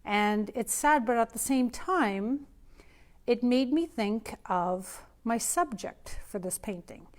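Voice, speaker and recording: Woman, painter, live studio demo, chatty, thinking aloud, a bit high-pitched. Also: lively intonation, slow.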